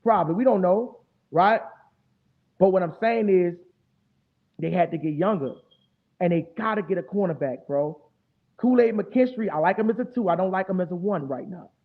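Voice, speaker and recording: A man hosting a casual fan stream, talking fast and loose with a lot of profane, animated trash talk. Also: high voice. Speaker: fan show host. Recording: tinny phone-like audio.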